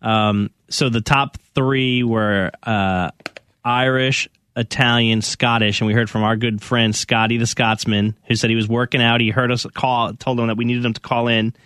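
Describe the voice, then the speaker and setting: A man's voice: medium pitch, level tone, moderate pace, a bit bright, clean tone, no echo, clean studio sound. A man hosting a casual radio show podcast, chatty and laughing as he reads listener texts.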